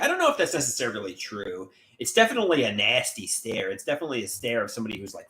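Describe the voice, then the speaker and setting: A man's voice: medium pitch, huge pitch swings, quick pace, bright, forceful tone. A man hosting a casual livestream, reading chat comments aloud and rambling with many repeated, restarted words. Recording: echoey room.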